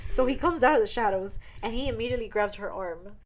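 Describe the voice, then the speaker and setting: A woman co-hosting a casual podcast chat, retelling scenes in an animated way and acting out the characters. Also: fairly high pitch, fast. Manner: animated retelling, acts out characters, frequent laughter. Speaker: podcast co-host.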